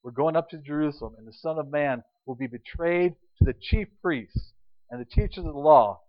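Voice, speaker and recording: A man preaching an Easter sermon as pastor, animated and storytelling, acting out scenes and quotes. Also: fairly high pitch, a little fast, highs cut off.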